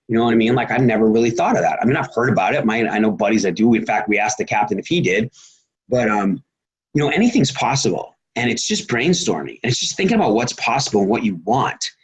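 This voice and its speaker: A man's voice: fairly low pitch, animated, fast talker, husky, poor audio. A middle-aged man giving a motivational team call talk, rambling, with many fillers and repeated words. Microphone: phone or conference line.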